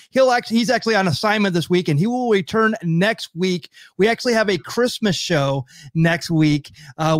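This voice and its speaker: A man's voice: sits high, dry recording, clean studio sound. A man hosting a livestreamed podcast, chatty and upbeat, laughing often. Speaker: podcast host. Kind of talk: casual chat.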